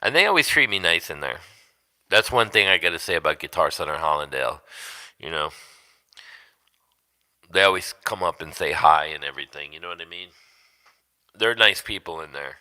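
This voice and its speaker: Deep-voiced, profane middle-aged man. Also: animated, normal speed, long pauses, sharp tone. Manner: profane, rambling storyteller who laughs often. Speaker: livestream host. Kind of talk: casual livestream chat.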